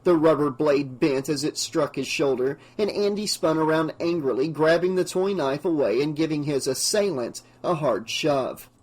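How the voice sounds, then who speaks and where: A man narrating an audiobook with a steady, measured reading. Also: on the high side. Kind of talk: scripted narration.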